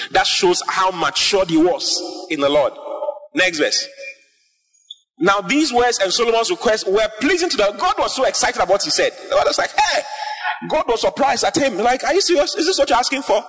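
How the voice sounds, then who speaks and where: A man preaching a sermon, impassioned, rising to shouts and sung phrases as he reads and explains scripture. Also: sits high. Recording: long hall reverb, faint music.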